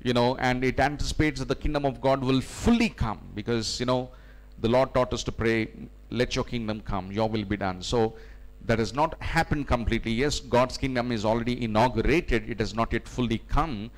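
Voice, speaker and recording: A man's voice: mid-range voice, fairly even intonation, moderate pace. A man as pastor giving a teaching sermon, explaining scripture step by step with frequent "you know" fillers.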